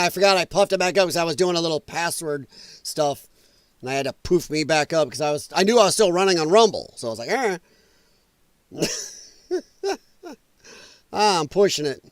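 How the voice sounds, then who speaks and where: A man with a high, lively voice hosts a livestream from home, swearing freely and laughing as he reacts to his viewers. The sound is dry and close to the mic. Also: moderate pace, pauses often, no room sound. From US Midwest. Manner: loud, profane, laughing often. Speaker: livestream host. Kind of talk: casual livestream commentary. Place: home, dog nearby.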